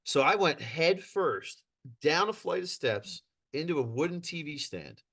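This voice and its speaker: Animated man telling injury stories. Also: a little high, unhurried. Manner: animated, laughs through his stories, acts out quotes. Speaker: podcast guest. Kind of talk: casual storytelling.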